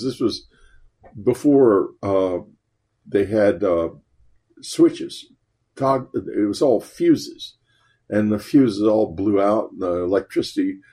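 An older man telling a personal story in a rambling, halting way, with wry laughs. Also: lowish voice, vocal fry, dark tone, breathy edge. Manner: rambling, halting with many restarts and fillers; wry, laughs while recalling.

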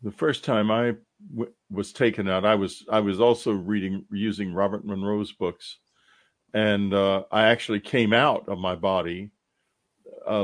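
A man hosting a casual interview who asks questions and shares his own experiences in a thoughtful way. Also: on the low side. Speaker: host.

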